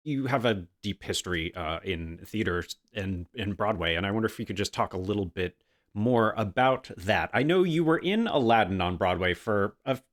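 A man's voice: on the low side, expressive, normal speed. A man interviewing a guest, asking open questions and giving short listening sounds.

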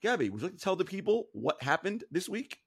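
A man co-hosting a casual podcast. He talks in a rambling, animated way and often repeats words while he thinks. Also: sits high, fast, gravelly, husky. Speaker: podcast co-host. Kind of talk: casual chat.

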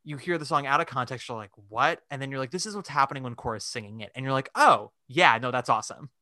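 A man co-hosting a casual podcast chat. He is animated and fills his talk with "like", acting out quoted reactions. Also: medium pitch, rapid-fire, no echo, clean studio sound. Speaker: podcast co-host. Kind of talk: casual chat about musical theatre.

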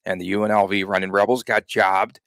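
A man's voice: lowish voice, level tone, a little fast, creaky, fairly bright tone, no echo. A man co-hosting a sports podcast, joking and rambling in casual chat. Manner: joking, rambling, laughs often. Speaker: podcast co-host.

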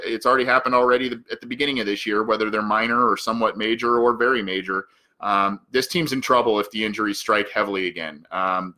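A man's voice: mid-range voice, pushed and bright. A man hosting a sports podcast, giving solo analysis of a football game, thinking aloud with many fillers and restarts.

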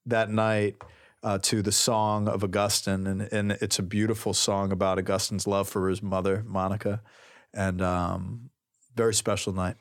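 A man who is a priest, telling a story in a casual, animated, slangy way and laughing often on a talk show. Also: fairly low pitch, normal speed. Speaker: priest, co-host.

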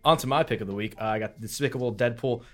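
Easygoing man, mid-pitched voice. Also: fairly bright tone. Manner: easygoing, quick to laugh along. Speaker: podcast co-host. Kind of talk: casual chat.

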